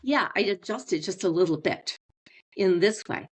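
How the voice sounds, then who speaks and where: A middle-aged woman, a family therapist, explaining in an interview and slowing down on purpose to show how tone changes meaning. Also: medium pitch, expressive, husky. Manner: slows down deliberately, demonstrates tone changes. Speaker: marriage and family therapist guest.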